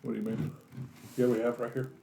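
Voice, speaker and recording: Gravelly tired man in an echoey room. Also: medium pitch, completely flat delivery, fast talker, warm tone, a little hiss or hum. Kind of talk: casual chat while building a brick set.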